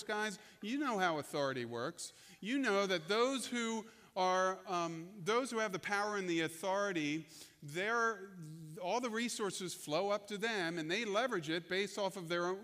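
A male pastor preaching a sermon, telling the story with lively energy and acting out the people he quotes. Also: high voice, big-room sound. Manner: animated storytelling, acts out quotes.

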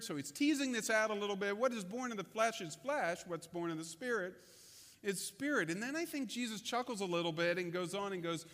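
A man preaching a sermon, retelling the story in a conversational, storytelling way with dramatic pauses. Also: high-pitched, expressive, a bit bright, in a large hall. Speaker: pastor.

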